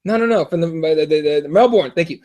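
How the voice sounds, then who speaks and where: A young American man with a high voice rambles through stories on a casual podcast. He swears freely, restarts his sentences and keeps the chat animated. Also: fast talker. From United States. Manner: rambling, profane, animated storytelling with many restarts. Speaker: podcast co-host.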